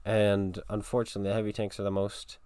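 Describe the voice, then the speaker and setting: Male game streamer, low voice, dry sarcastic play-by-play. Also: monotone, fast, dark tone, smooth, no echo. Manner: sarcastic, exasperated at teammates. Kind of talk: casual gameplay commentary.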